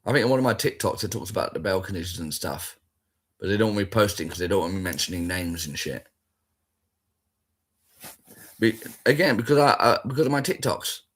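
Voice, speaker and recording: A man's voice: low voice, animated, fast talker. A man in a blunt, rambling, sweary casual rant that keeps repeating its points.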